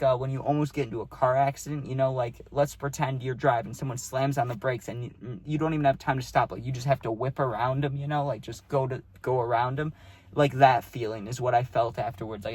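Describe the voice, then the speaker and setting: A young man tells a wild personal story straight to his viewers. His voice sits at a middle pitch, and he keeps it loose and slangy, dropping "dude" between lines. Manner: slangy, animated, says "dude" often. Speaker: vlogger. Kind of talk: casual storytime monologue.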